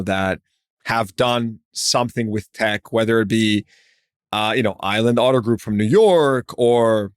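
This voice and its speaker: A man hosts a podcast in a loose, chatty manner, full of "you know" and "like" and quick asides. His voice is mid-pitched and recorded dry and close. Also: no echo. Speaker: podcast host. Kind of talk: casual interview talk.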